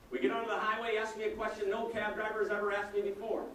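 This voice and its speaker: A man giving a customer service keynote, telling a humorous story in an animated way. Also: high voice, racing, few pauses. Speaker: keynote speaker. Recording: echoey room, distant mic, faint noise.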